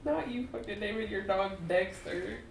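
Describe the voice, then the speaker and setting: A young woman playing in a tabletop game, teasing and bantering quickly, laughing a lot. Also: mid-range voice, vocal fry, a little hiss or hum. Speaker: player. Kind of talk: casual chat during a tabletop game. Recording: roomy, distant mic, faint background ambience.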